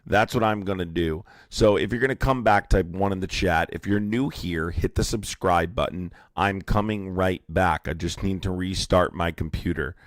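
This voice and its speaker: A hoarse man hosting a live stream, talking bluntly and with a lot of swearing. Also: low voice, normal speed, few pauses, dry recording, clean studio sound. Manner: blunt and profane. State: hoarse, sore throat.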